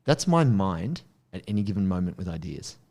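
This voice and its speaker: A man, a podcast guest and coach, telling stories in animated casual chat and laughing easily. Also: low-pitched. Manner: animated storyteller, quick to laugh. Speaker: guest, strength and martial arts coach.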